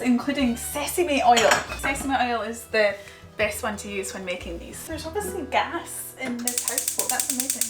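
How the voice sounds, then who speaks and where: A young Scottish woman with a fairly high voice talks casually while she cooks, explaining things as she goes. She is recorded on a camera mic inside a small boat cabin, which sounds roomy. Music plays clearly behind her. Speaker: vlogger. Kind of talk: casual vlog chat while cooking. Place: small narrowboat cabin kitchen.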